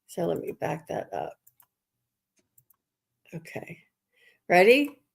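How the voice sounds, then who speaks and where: A woman hosting a live stream, enthusiastic and unhurried as she talks to viewers. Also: fairly low pitch, sing-song, gravelly, breathy edge. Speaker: host.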